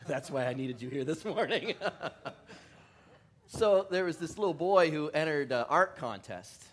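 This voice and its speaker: A man's voice: a little high, animated, unhurried. A male pastor giving a loose, joking sermon in a church, often chuckling, making fun of himself and rambling between asides. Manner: chuckling, self-deprecating, rambling. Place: church in California.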